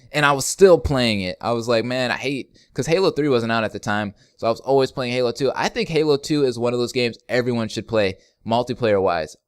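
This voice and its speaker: A man's voice: mid-range voice, clean tone, no room sound, studio quality. Laid-back young man answering fan questions. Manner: laid-back, joking, rambling, laughs often. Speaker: YouTube gaming channel host. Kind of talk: casual Q&A vlog.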